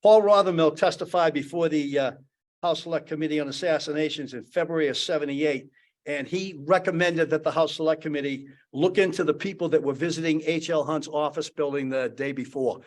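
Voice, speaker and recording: Rambling older man, somewhat high voice. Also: brisk. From Boston area. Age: 70s. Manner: rambling anecdotal talk with many restarts. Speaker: panelist. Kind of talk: storytelling on a panel. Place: conference panel.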